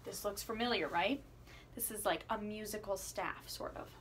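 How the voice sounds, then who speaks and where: A woman teaching children a playful singing lesson, asking questions and encouraging them as she swoops her voice high and low. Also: normal speed, a bit bright, a little hiss or hum. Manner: encouraging, asks the listener questions. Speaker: music teacher.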